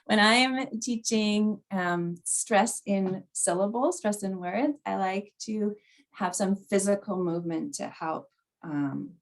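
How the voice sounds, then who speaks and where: A woman teacher leads a workshop presentation. She talks in an upbeat way and laughs easily. Her voice sits at a middle pitch.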